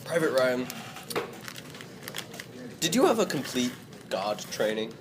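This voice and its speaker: Man playing a stern deep-voiced king. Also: very animated. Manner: slow, low, deliberate. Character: stern king of a beast hall. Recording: noisy home recording.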